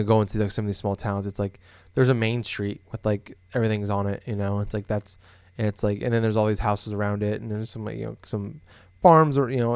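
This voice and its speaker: Podcast co-host, young man from Iowa, lowish voice, loose rambling delivery, dry close mic. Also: darkish tone, smooth, no room sound. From Des Moines, Iowa. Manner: rambling, full of fillers and restarts. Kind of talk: casual chat.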